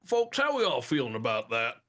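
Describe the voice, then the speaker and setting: A man's voice: mid-range voice, wildly swooping pitch, a little fast, pushed and bright. A man player chatting casually at a tabletop game in a wry, hesitant way.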